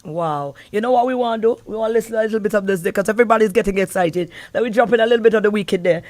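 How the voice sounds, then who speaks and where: A woman hosting a casual radio interview, excitable and quick to laugh, hyping up the music. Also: mid-range voice, no room sound. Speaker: radio host.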